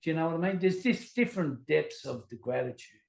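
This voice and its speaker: A man's voice: on the high side, lively intonation, a little fast, creaky, darkish tone. Reflective man host in echoey room. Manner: reflective, many affirming yeahs. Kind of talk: casual interview chat.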